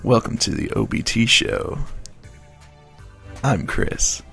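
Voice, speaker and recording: A man hosting a casual show, playful and quick to laugh. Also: fairly low pitch, expressive, creaky, music in the background. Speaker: host. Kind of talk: casual chat.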